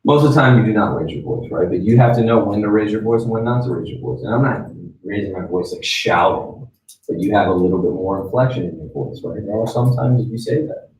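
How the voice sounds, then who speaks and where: A man's voice: on the low side, quick pace, darkish tone, distant mic, slight background noise. Male trainer, conversational lecture, roomy echo, a bit off-mic. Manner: conversational, checks in with "right?" and "okay?". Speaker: sales trainer.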